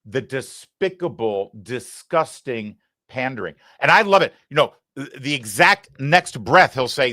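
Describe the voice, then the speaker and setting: A man's voice: mid-range voice, expressive, unhurried, sharp tone, no echo, studio quality. A middle-aged man hosting a political commentary show, talking in a sarcastic, indignant, emphatic way. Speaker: host.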